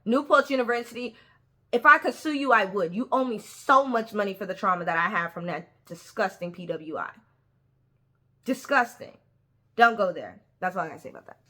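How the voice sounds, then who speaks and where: A woman's voice: mid-range voice, brisk, pushed and bright. A young woman giving opinionated casual commentary on a reality show, stressing points by repeating words.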